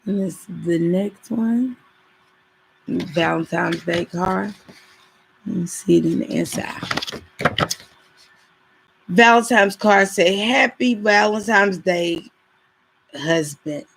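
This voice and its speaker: A woman's voice: lowish voice, slow, creaky, long pauses, slight background noise, rough recording. A woman hosting a live stream, chatting casually with viewers and reading greeting cards aloud. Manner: chatty, addresses viewers directly.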